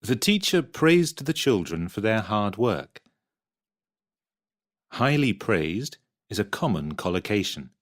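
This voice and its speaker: A man reading example sentences for a vocabulary textbook, clearly and expressively. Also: fairly low pitch, sing-song, slow. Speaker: textbook audio reader.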